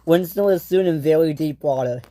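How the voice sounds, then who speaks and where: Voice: medium pitch, brisk, warm tone, slight background noise. The maker of a home-made toy train series narrating the story loosely, with restarts.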